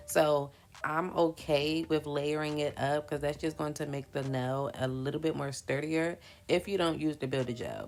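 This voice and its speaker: A young woman with a low-pitched voice talks casually to her viewers as she makes press-on nails. Her speech is relaxed and colloquial, and she addresses the audience directly. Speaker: nail business vlogger. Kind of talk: casual chat to viewers while doing nails.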